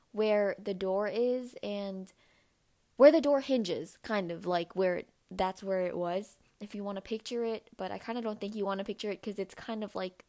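A young woman hosting a podcast, telling a personal story in a casual, chatty way, full of "like" fillers. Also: a little mellow. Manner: chatty, many "like" fillers, acts out quoted voices in a higher pitch. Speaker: podcast host.

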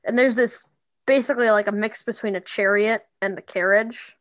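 A woman narrating a tabletop game as game master, in a casual, halting way with many fillers. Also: mid-range voice, fairly even intonation, dry recording.

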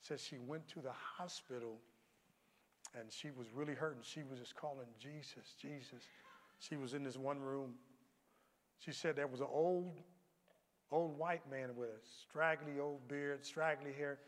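A man preaching a sermon as pastor, moving from quiet storytelling to shouted calls. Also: mid-range voice, steady tone, unhurried. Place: church sanctuary. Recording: long hall reverb.

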